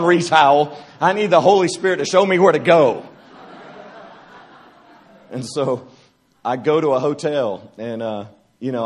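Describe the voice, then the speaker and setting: A man delivers a testimony-style sermon at a church retreat. He tells it like a lively, humorous story and acts out each scene as he goes. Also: lowish voice, slight background noise. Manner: animated, joking storyteller who acts out scenes. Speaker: retreat speaker.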